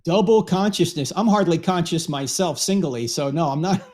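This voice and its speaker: A man from New Jersey with a fairly high voice hosts a casual talk. He is wry and inquisitive, and quick with self-deprecating humor as he puts questions to his guest. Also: expressive, a little mellow. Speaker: show host. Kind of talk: casual conversation.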